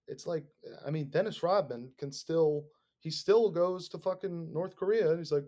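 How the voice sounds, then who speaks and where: Brief: male podcast host, sarcastic profane rambler, pitched a bit high. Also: unhurried, dark tone. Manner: rambling, sarcastic, swears a lot. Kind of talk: casual profane rant.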